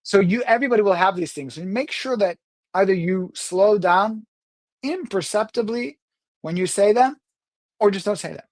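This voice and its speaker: A middle-aged man giving a talk on public speaking and communication, with an animated delivery that swings in pitch and loudness. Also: moderate pace. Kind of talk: talk to camera on communication skills.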